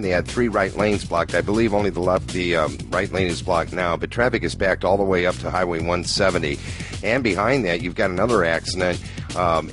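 Deep-voiced radio traffic reporter. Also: male voice.

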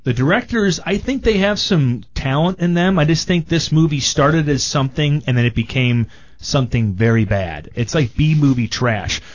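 A man's voice: on the high side, animated, moderate pace, dull audio. Blunt, opinionated male movie reviewer. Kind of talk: casual radio chat.

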